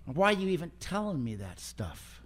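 A man's voice: fairly high pitch, very animated, normal speed, pitched above the performer's own voice. A man voicing a blunt older male priest who scolds him while retelling a story. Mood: scolding. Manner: scolding, lecturing.

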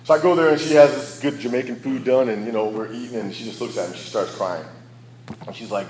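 A man's voice: mid-range voice, fast talker, a little mellow, echoey room, low-quality recording. A man sharing his personal recovery story as a candid, storytelling speaker who laughs at his own past. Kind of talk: personal testimony talk.

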